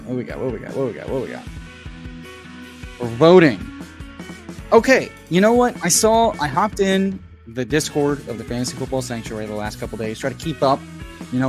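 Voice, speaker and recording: A man hosting a casual livestream from home, hyped and folksy, who keeps calling people brother and bursts into loud pep talks. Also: medium pitch. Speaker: host.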